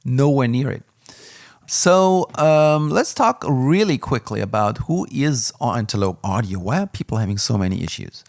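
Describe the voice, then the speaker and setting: A man's voice: medium pitch, expressive, moderate pace, a little mellow, dry recording, studio quality. A man casually reviewing an audio interface, candid and rambling, with plenty of fillers. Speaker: music gear reviewer.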